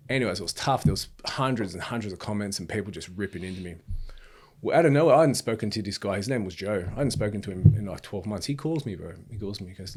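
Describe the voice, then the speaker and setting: A man's voice: lowish voice, fast, a little mellow, breathy edge. A man in his thirties, a podcast guest telling his story in an earnest, rambling way, full of restarts and "bro". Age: 30s. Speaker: podcast guest, speaker and author. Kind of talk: casual storytelling chat.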